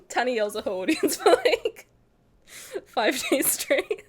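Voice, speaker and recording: With soft music behind her, a woman streaming a game from home rants in pretend fury and swears playfully as she chats with viewers. Her high voice swoops wildly in pitch, and she talks very slowly.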